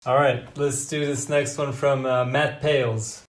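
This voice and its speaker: A man, the podcast host, reading out listener questions in a relaxed way. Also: medium pitch, measured pace, reverberant.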